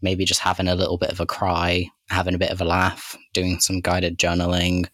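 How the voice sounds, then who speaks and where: Male podcast co-host, very low voice, dry close sound, rambling chat full of fillers. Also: monotone, fairly quick, fairly bright tone, dry recording. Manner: rambling, heavy use of "like" and "kind of". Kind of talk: casual chat.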